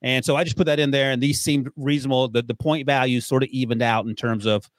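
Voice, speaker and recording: A man hosts a sports podcast at an even middle pitch, chatty and quick to laugh at himself. His voice sits close and dry on the mic, with no room sound at all. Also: no echo. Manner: joking and laughing, walks through picks. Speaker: podcast host and draft analyst. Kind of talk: casual sports podcast chat.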